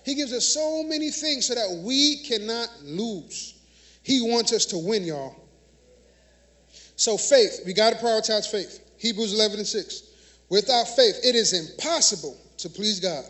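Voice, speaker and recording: A man's voice: sits high, expressive, a little slow, fairly bright tone. A man preaching a sermon in a church, conversational, leading call-and-response with frequent "y'all" and "right?" and laughing often. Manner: call-and-response preaching, asks congregation to repeat words. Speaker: minister. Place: church sanctuary.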